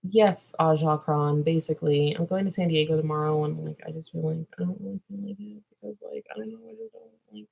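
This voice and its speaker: A woman's voice: low voice, brisk, creaky, few pauses, dark tone, slightly rough, rough recording. A young woman vlogger answering viewer questions in a rambling, drowsy way that trails off into mumbles. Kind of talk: casual livestream Q&A chat.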